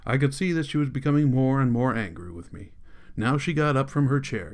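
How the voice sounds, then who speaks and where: A man narrating a novel as an audiobook in a calm, steady storytelling voice. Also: medium pitch, a little fast.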